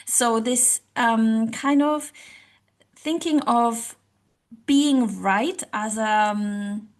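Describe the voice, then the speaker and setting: A woman's voice: fairly high pitch, very slow. A woman language coach explaining to camera, direct and encouraging, with rhetorical questions and frequent "kind of" fillers. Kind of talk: educational talk to camera.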